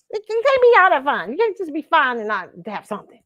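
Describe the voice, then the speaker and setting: Animated, swearing woman host, lively pitch. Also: moderate pace. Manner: animated, laughing, swearing freely, acts out her own reactions. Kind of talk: casual pop culture commentary.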